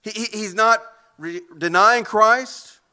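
A man's voice: high-pitched, slow, sharp tone, clear, resonant tone. A man preaching a sermon in an earnest way, often repeating words as he goes. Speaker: pastor.

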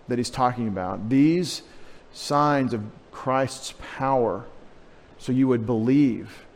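Pastor preaching in a reverberant hall. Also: male voice, medium pitch. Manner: conversational teaching with restarts and rhetorical questions. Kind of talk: sermon.

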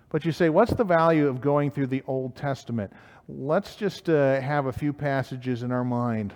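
A man's voice: medium pitch, a little mellow, big-room sound. A man preaching a sermon, reading scripture aloud and putting questions to his listeners. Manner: reads scripture aloud in King James wording, asks questions of listeners.

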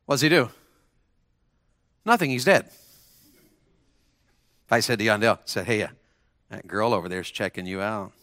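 A man preaching with a bright, forceful voice, animated and punchy. He leads the room in call-and-response phrases and works with a student volunteer as he goes. The sound is dry and close. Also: fairly low pitch, moderate pace, long pauses, no echo. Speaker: preacher at a school chapel. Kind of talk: sermon to students.

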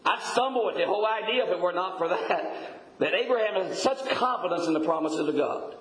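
A man's voice: sits high, animated, a little fast, a bit bright. An older man preaching a sermon in a folksy way, with stammered restarts and chuckling asides. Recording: echoey room.

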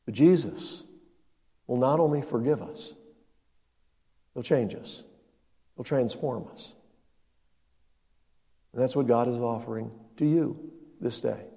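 A man's voice: medium pitch, slow pace, creaky, long pauses, dark tone, long reverb tail. An older man preaching a sermon as pastor, telling a story and acting out the dialogue with emphatic rises.

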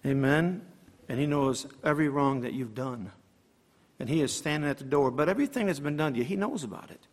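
A middle-aged man preaching a sermon, emphatic, calling for amens and asking the congregation rhetorical questions. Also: on the high side. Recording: long hall reverb.

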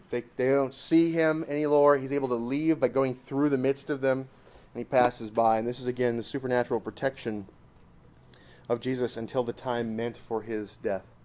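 A man's voice: medium pitch, steady tone, moderate pace. Emphatic man preaching from scripture. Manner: emphatic, pushing the point hard, swinging between loud and hushed. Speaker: preacher addressing a church assembly. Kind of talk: sermon with scripture reading and commentary.

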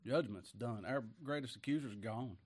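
A man preaching a sermon. He reads scripture slowly and with weight, swings between loud emphasis and quiet asides, and chuckles often. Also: mid-range voice.

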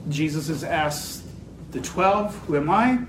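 Male pastor, slow and deliberate delivery, rising to forceful emphasis, reverberant sanctuary sound. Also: on the high side, animated, background noise. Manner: slow, building to emphatic declarations. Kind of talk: sermon.

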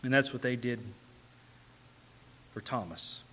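A man's voice: mid-range voice, slow pace, fairly bright tone. A man preaching a sermon in an earnest manner, building to emphatic and tender passages.

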